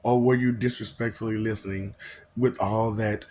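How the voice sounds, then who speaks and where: A man who proclaims himself a god preaches to viewers in a rambling monologue, frequently laughing, tossing out scornful rhetorical questions and occasionally stumbling over his words. He speaks on the low side, mellow and steady, at a moderate pace, over a slight hiss or hum.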